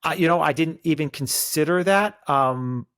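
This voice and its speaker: A man's voice: a little high, normal speed, clear, resonant tone, dry recording. A man co-hosting a casual recap chat, talking emphatically and acting out what people said. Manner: animated, emphatic, acts out quotes. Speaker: podcast co-host.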